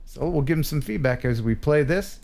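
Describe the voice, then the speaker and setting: A man hosting a casual livestream chat, animated and quick to chuckle while he tells stories. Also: on the high side, creaky. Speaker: livestream host. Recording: faint music behind.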